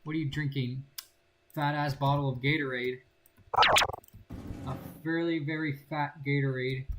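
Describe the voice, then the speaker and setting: Casting: young male gaming host, casual playful rambling commentary, faint hiss. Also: a little high.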